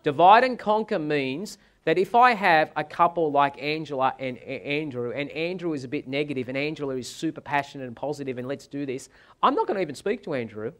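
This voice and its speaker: A man giving a sales seminar, telling anecdotes in a dramatic, animated way. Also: a little high, brisk. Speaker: sales trainer.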